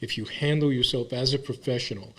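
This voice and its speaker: Male actor as interview guest: husky, frank, animated. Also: medium pitch, a little fast. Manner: animated, frank, a bit salty. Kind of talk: casual interview chat.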